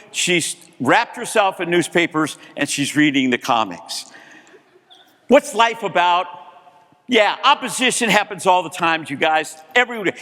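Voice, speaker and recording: A male keynote speaker in a large hall, with a fairly high voice that swoops widely as he acts out dialogue. He runs a motivational story and bursts into shouts now and then. Long reverb from the venue trails every line. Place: large hall, live audience.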